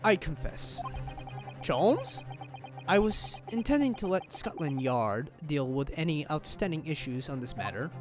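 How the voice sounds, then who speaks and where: A man voicing an eccentric, smug great detective from a video game, calm and formal. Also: fairly high pitch, measured pace, faint music behind.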